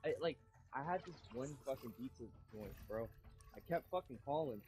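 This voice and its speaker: A man's voice: medium pitch, animated, moderate pace, darkish tone, soft background music. A young man streaming a video game, chatting casually and telling a story, swearing a lot and using slang. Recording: noisy stream audio with game sound. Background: game sound.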